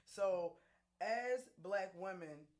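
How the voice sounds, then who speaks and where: A woman co-host lays out her argument in a measured, deliberate way. She steps in to play devil's advocate during the chat, her voice sitting at a middle pitch. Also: lively intonation, darkish tone. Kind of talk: live talk show chat.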